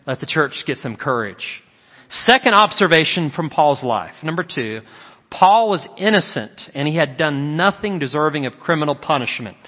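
A man pastor preaching a sermon in a church, telling stories in an animated way and acting out the quotes. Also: a little high, moderate pace. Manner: animated storytelling with acted quotes. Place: church sanctuary. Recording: muffled sound with long hall reverb.

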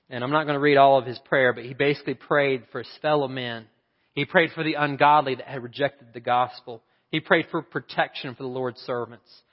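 A man's voice: mid-range voice, in a large hall, dull audio. A man preaching a sermon in a church, with emphatic rhetorical questions. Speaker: pastor. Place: church sanctuary.

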